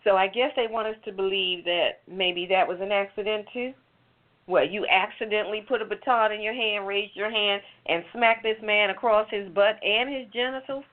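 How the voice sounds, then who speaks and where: A woman's voice: mid-range voice, fairly even intonation, moderate pace. Indignant woman on a phone-like line. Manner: indignant, sarcastic, rhetorical questions. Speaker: talk show commentator. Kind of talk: heated opinion commentary. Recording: phone-like narrow sound.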